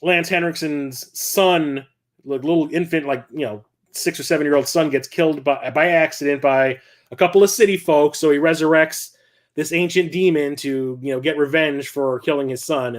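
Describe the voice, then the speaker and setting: A middle-aged man chatting casually at home, rambling excitably and swearing now and then. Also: a little high. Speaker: collector vlogger. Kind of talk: casual unscripted chat.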